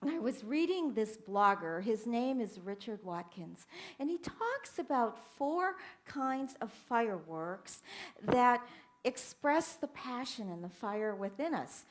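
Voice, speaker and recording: Animated older woman minister. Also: a little high, slow pace. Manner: animated storytelling, swings from soft to loud. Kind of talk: sermon.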